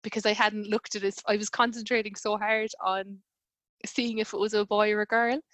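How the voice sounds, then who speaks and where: A woman's voice: medium pitch, flat delivery, brisk, a bit bright, no room sound. A woman in her thirties telling a personal story in casual conversation, with lots of fillers and quoted dialogue.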